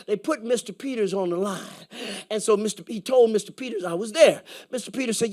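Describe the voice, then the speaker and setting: High-voiced, animated man preaching a story. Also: a little fast. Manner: lively, laughing storyteller who acts out dialogue and builds to shouted praise. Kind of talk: storytelling sermon. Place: church.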